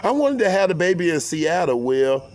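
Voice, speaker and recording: A man voicing a young woman who talks in a high, squealing falsetto, overjoyed and clingy. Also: sing-song, moderate pace, darkish tone. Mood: pleading.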